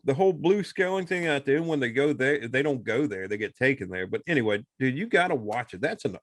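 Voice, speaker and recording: A man's voice: medium pitch, a little fast, no room sound. A man casually retelling a movie, rambling along and acting out the characters' lines. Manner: rambling, animated retelling with acted-out quotes. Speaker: podcast co-host. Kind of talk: casual chat.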